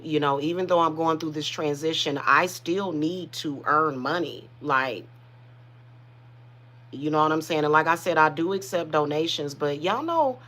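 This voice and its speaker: A woman talks straight to her viewers in a loose, emotional livestream ramble, often restarting her sentences. Her voice is bright and forceful. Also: low voice. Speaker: spiritual reader and channel host. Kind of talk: casual livestream chat to viewers.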